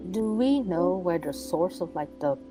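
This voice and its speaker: A woman's voice: lowish voice, lively intonation, a little slow, over music. A woman playing a tabletop game, chatting casually and joking about herself. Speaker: player.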